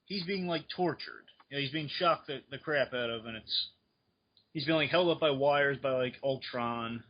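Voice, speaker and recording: A man in casual chat on a fan podcast, excitedly rambling through his speculation. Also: mid-range voice, moderate pace, breathy edge. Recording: dull lo-fi recording.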